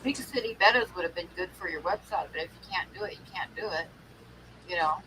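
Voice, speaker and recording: A woman's voice: lowish voice, brisk, pushed and bright. A woman hosting a livestream, chiming in with brief agreeing remarks. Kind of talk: casual chat. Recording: distant mic, faint background noise.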